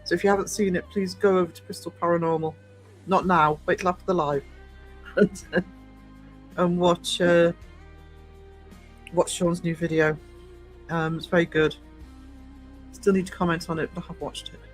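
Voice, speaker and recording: Man, high-pitched, live stream host, casual chat, greets viewers, faint music in background. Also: level tone, moderate pace, long pauses, poor audio. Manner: chatty, greets viewers by name, coughs now and then.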